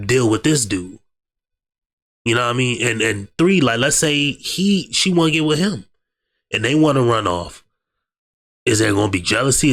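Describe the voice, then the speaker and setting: A young man with a fairly low voice and a cold, talking loosely in slang as he reacts to a video. He speaks straight to his viewers in a relaxed, offhand way. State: sick with a cold. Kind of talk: casual reaction commentary.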